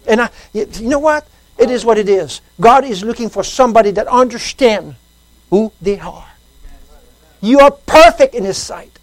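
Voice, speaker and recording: A man's voice: expressive, normal speed, no room sound, poor audio. Male preacher, dry sound. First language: French. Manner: impassioned preaching, rising to loud high emphasis. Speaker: pastor. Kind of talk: sermon. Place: church service.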